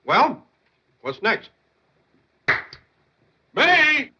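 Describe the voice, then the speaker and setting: A blustering middle-aged father barks orders and bellows across the house. His voice sits high and swings widely in pitch. The old soundtrack sounds dull and lo-fi. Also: sing-song, brisk, noisy background. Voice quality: loud, blustering and bossy. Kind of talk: 1950s film comedy acting. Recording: lo-fi 1950s film soundtrack.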